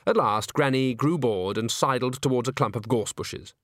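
A man narrating a story in expressive, scripted audiobook style. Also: mid-range voice, moderate pace, no echo, clean studio sound.

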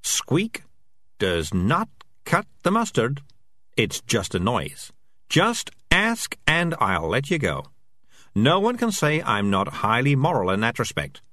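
A man's voice: mid-range voice, wildly swooping pitch, bright, forceful tone, dry recording, pitched above the performer's own voice, heavily acted. Man voicing Morris, a smug talking tomcat. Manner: fast-talking, self-justifying. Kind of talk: audiobook character voice.

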